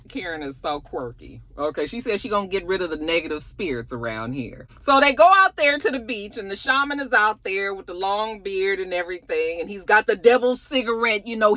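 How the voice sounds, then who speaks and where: A woman's voice: mid-range voice, no echo. A woman recapping a reality show in a chatty, colloquial, sassy way, acting out what people said. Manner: animated, acts out quotes dramatically. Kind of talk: casual recap vlog.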